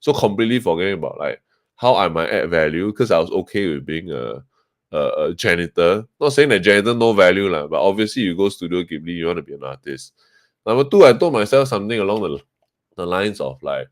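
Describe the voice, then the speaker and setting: A man's voice: low voice, expressive, brisk, no room sound, clean studio sound. A man with a Singaporean English accent, a guest on a podcast, talking casually and rambling with many fillers and restarts. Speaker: podcast guest, webcomic co-founder. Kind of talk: casual interview talk.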